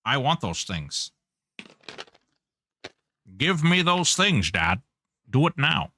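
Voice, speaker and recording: A man's voice: mid-range voice, very animated, slow, sharp tone, dry recording, full character voice. A man voicing his pet cat as a bossy animal demanding treats.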